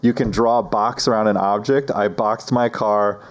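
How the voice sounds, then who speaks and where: Low-voiced, eager male guest. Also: fairly even intonation, moderate pace. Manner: laughs often, tells stories eagerly. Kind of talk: casual chat.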